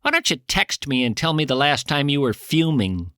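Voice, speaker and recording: A man's voice: mid-range voice, very animated, normal speed, pushed and bright, clean tone, no room sound, studio quality. A man hosting a podcast, riffing in a rambling comic monologue with theatrical mock outrage. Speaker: podcast host. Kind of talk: rambling comic monologue and prank phone call.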